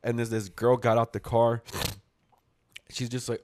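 A man's voice: medium pitch, steady tone, fast talker. Swearing, storytelling man, casual chat. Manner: swearing storyteller, acts out quotes. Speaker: podcast co-host.

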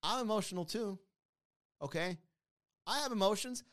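Speaking at a moderate pace in a voice that sits high, this man hosts a podcast live stream. He talks casually with viewers and reads comments mockingly, animated and joking, using playful put-on voices.

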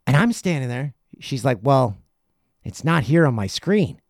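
Gravelly man telling a story. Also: mid-range voice, no echo, studio quality. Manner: animated, acts out other people's lines in quick asides. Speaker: podcast host. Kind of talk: casual storytelling monologue.

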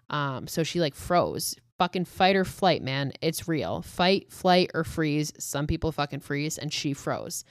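A young woman talks through a horror film in a blunt, profane, casual way. Her voice sits low in pitch, and the recording is dry and close, with no room sound. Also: animated, normal speed, no echo. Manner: blunt, profane, emotionally reactive. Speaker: commentator recapping a true-crime horror film. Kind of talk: casual recap monologue.

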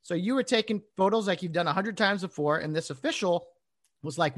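A man hosting a casual interview, halting with fillers as he sets up a story. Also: sits high, expressive, fairly bright tone. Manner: halting, with many fillers and restarts. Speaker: host, former referee.

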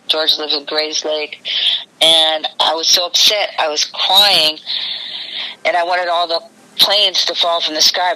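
A woman's voice: deep voice, bright, forceful tone, rough recording. A woman guest in a casual interview, telling a long personal story in a rambling, breathless way.

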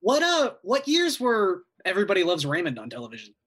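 Bright, higher-voiced man musing casually. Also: wildly swooping pitch, a little fast, husky. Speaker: podcast co-host. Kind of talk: casual chat.

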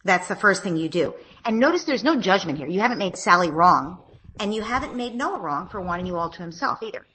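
Calm woman explaining parenting steps. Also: on the low side, a little fast. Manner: calm, explanatory, acts out gentle parent dialogue. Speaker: parenting expert guest. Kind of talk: conversational advice in podcast interview. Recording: podcast interview.

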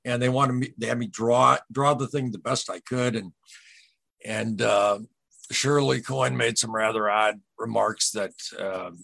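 A man with a husky, slightly rough voice shares a personal account on a podcast in casual storytelling. He speaks earnestly and haltingly, circling back to repeat what others told him. The recording is close and dry. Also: mid-range voice, steady tone, sharp tone, no echo. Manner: earnest, halting, retells dialogue. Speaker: podcast guest.

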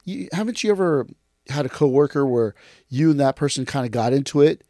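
Male podcast host, chatty and animated; dry, close sound. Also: a little fast, dry recording. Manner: animated, acts out mocking commenters in sudden high voices. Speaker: podcast host and martial arts teacher. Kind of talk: casual podcast chat.

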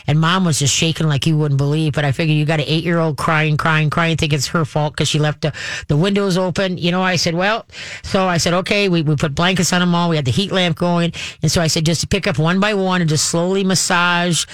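Woman vlogger, casual storytelling, rambling and halting, folksy sayings, dry close sound. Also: low voice, steady tone, dry recording. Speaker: vlogger telling a personal story.

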